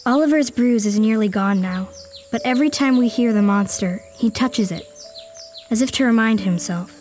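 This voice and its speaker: A woman's voice: fairly high pitch, normal speed, a little mellow, faint music behind, close to an everyday voice. A woman voicing an earnest young girl. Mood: wistful. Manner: earnest, determined. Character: earnest, caring young girl narrating her own story. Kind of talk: audio drama narration.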